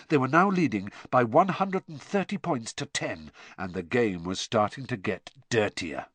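Expressive male narrator, bright and animated, close and dry. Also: a little high, dry recording. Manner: lively, dramatic storytelling. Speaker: audiobook narrator.

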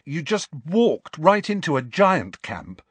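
A man's voice: a little high, big pitch swings, slow, breathy edge, no room sound, voice pushed up, full character voice. A man voicing Ron, an eager, curious teenage boy who fires off incredulous questions.

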